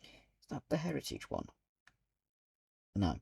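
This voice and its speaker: A man's voice: mid-range voice, wildly swooping pitch, creaky, dark tone, breathy edge, dry recording. A British man giving casual commentary over a train simulator game, thinking aloud as he goes. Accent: British English. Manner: musing aloud, slow and thoughtful. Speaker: gaming video creator.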